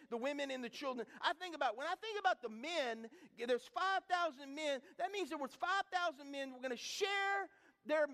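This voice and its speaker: A man's voice: very high voice, a bit bright. A man preaches a sermon. He is folksy and emphatic and keeps repeating phrases. He sounds middle-aged. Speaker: pastor.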